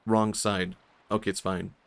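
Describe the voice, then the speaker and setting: Swedish man, streamer, casual chat, low gravelly voice, faint game music behind. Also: level tone, a little slow, a little hiss or hum. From Sweden. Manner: chatty, self-questioning, laughs often.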